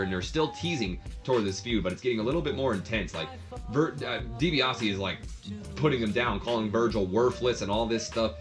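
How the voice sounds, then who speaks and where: A man with a fairly low voice talks through a casual review as the channel host. He rambles and chats freely, full of fillers and occasional laughter. Faint music sits underneath.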